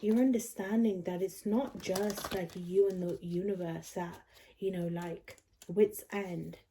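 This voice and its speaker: A young adult woman giving a pick-a-card tarot reading to her viewers. She talks earnestly and encouragingly, often pausing to check in with "okay?". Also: fairly low pitch, steady tone, dark tone, a little hiss or hum. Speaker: tarot reader.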